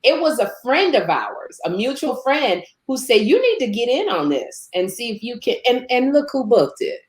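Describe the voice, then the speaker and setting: A woman from Chicago, a guest telling lively stories in casual chat, laughing and acting out quotes. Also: normal speed. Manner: animated, laughs often, acts out quotes in higher voice. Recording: roomy echo.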